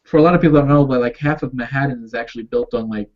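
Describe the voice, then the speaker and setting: A man with a New York accent chats on a video call, his voice dulled by lo-fi audio. He is mid-pitched and hesitant, often repeating words and trailing off. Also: very fast, a crowd in the background. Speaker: co-host. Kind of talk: casual video-call discussion.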